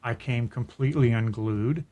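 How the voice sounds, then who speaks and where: A man's voice: mid-range voice, moderate pace, warm tone. A middle-aged man co-hosting a podcast, telling a personal story in an earnest, reflective way, often restarting his sentences. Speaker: podcast co-host. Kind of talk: personal storytelling in casual chat.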